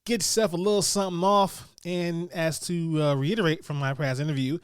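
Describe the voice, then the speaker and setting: A man hosting his own podcast, giving quick hyped reviews in a slangy style that speaks straight to his listeners. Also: on the high side, steady tone, clean tone, no room sound, studio quality. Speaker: podcast host. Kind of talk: casual podcast chat and rapid review rundown.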